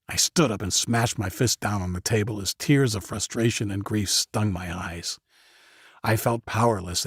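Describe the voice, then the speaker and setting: Low, husky man for first-person audiobook narration, dry booth sound. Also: dry recording.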